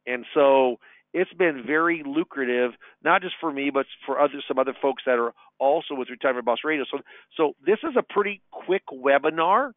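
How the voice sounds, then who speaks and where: Talking fairly quickly in a medium-pitched voice, this Nebraska man, a financial advisor who also hosts a radio show, keeps the webinar casual and upbeat. He repeats words along the way, and the phone-line audio sounds tinny and dry with no echo.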